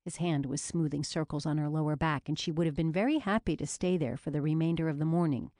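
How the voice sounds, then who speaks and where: Low-voiced woman reading an audiobook. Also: fast talker, warm tone, no echo, studio quality. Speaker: audiobook narrator. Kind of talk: scripted romance novel narration.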